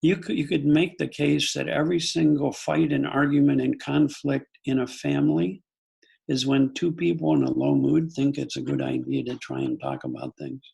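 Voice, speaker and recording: Gravelly older man telling stories. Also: medium pitch, moderate pace, a little mellow. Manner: thoughtful, anecdotal, frequent restarts. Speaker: psychologist guest. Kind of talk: reflective conversational storytelling.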